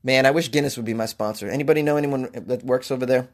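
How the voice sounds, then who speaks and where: A man's voice: medium pitch, fast talker. Jokey, rambling male podcast host. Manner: jokey, animated, riffs and rambles with self-mocking asides. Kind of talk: casual comedic monologue.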